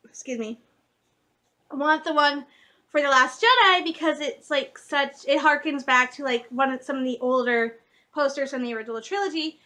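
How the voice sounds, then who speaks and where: A young woman from Michigan chatting excitedly in a casual vlog, gushing like a fan, with lots of fillers and restarts. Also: sits high. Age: young adult. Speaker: vlogger.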